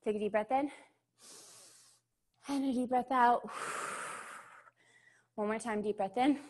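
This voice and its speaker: A young woman runs an online beginner ballet class, slightly out of breath as she cues steps, counts beats aloud and checks in with students with an encouraging "yeah?". Her voice is a little high and darkish in tone, unhurried, with fairly even intonation.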